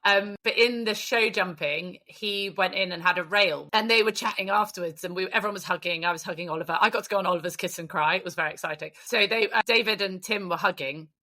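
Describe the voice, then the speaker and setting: Woman, podcast co-host, bright edge, chatty and laughing. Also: medium pitch, fast, hardly any pauses. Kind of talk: casual chat.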